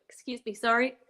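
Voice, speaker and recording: A woman teaching English on a live stream from home, chatty and a little hoarse, often clearing her throat and apologizing. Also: fairly high pitch, pushed and bright. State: slightly hoarse, drinking mint tea for her voice. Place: home, dishes washing behind her.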